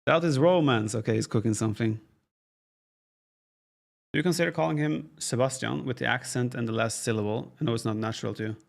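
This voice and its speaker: A man doing casual live-stream commentary on an esports match from his home office, relaxed and thinking aloud while reading out chat questions. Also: medium pitch, fairly quick, creaky.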